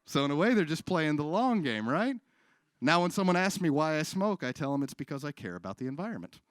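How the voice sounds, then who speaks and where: A man performing a stand-up comedy set on a live stage, with deadpan delivery, crowd work and acted-out dialogue. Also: fairly high pitch, a little fast, no echo.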